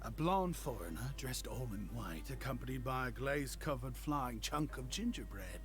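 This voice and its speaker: A man's voice: medium pitch, animated, moderate pace, close to an everyday voice. An actor playing a polite, deferential young male shop clerk with a London accent, in a video game. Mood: friendly. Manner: eager, deferential. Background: game music.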